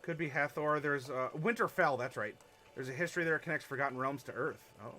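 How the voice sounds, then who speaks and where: A man's voice: fairly high pitch, quick pace, bright, forceful tone. A man from Ohio hosting a live-stream worldbuilding workshop, chatting casually, reading chat messages aloud and laughing often.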